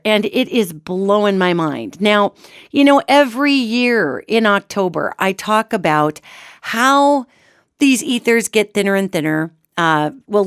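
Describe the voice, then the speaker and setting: Hoarse chatty woman hosting a talk show. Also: medium pitch, no room sound, clean studio sound. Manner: chatty and animated, addresses listeners as "gang". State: hoarse from a cold. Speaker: radio show host. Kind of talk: solo talk-show monologue on metaphysics.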